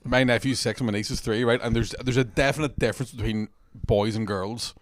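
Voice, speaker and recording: A man, chatting casually on a podcast in a relaxed, drawling, sweary way. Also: mid-range voice, a little fast, a little hiss or hum. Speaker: podcast host. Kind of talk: casual chat.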